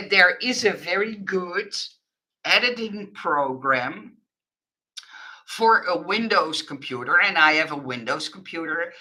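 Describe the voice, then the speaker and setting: A woman's voice: lowish voice, bright, forceful tone, poor audio. A woman craft vlogger chatting frankly to her viewers in English, laughing often. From Netherlands. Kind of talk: casual chat to viewers.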